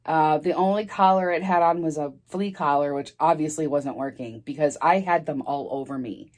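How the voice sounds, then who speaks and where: A woman's voice: low voice, moderate pace, a little mellow. A woman telling a personal story in a casual storytime vlog, rambling with many fillers and restarts and laughing as she talks.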